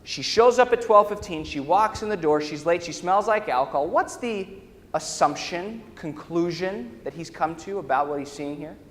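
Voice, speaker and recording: A man's voice: sits high, expressive, normal speed, a bit bright. A man, a workshop trainer, telling a story to a live audience in a large lecture hall and often checking in with his listeners. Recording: echoey hall with faint ambience.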